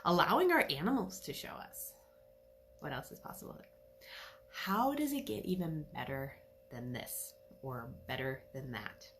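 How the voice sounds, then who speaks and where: A middle-aged woman, an animal communicator, giving a chatty, animated solo talk with frequent laughs. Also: deep voice, unhurried, slight background noise. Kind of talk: casual solo talk to camera.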